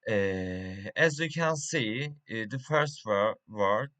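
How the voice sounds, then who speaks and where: Slow, halting man with a bright voice. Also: on the low side, expressive. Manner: slow and halting, with many fillers and restarts. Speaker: English teacher. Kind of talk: reading a pronunciation lesson.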